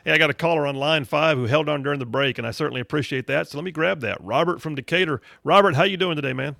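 Folksy gravelly radio talk host. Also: male voice, a little high, fast, dry recording, studio quality. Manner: folksy storytelling, animated.

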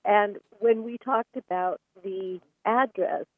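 A woman's voice: medium pitch, takes it slowly, dry recording. Woman calling in over a tinny phone. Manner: earnest, emotional storytelling. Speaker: caller. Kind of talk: call-in radio storytelling. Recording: tinny phone line, dry.

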